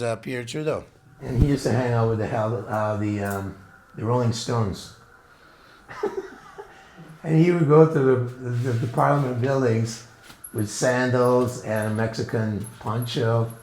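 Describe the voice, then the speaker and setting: A man's voice: mid-range voice, background noise. An older man telling stories from his youth in a rambling, casual way, often laughing and acting out what others said. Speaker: devotional speaker recounting memories. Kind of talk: casual storytelling talk.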